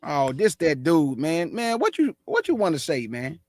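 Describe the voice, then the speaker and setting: A man with a Houston, Texas accent hosting a religious talk show, speaking with forceful passion and aggression. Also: a little high, very animated, moderate pace, dry recording, clean studio sound. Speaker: show host.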